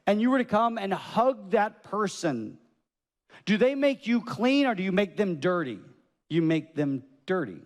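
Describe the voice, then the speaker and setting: A man preaching a sermon as pastor, telling the story in a lively way and acting out the voices of its people. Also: high-pitched, unhurried, big-room sound. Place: church sanctuary.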